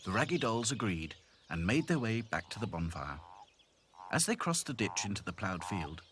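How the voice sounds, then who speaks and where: A man narrating a children's cartoon storybook with expressive, lively storytelling. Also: fairly low pitch, moderate pace, a little hiss or hum.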